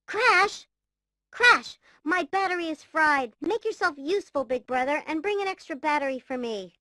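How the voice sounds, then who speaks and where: A woman's voice: high voice, lively intonation, normal speed, bright, forceful tone, no room sound, clean studio sound. A woman voicing a bossy young female bandicoot, the little sister in a cartoonish video game, calling out impatiently.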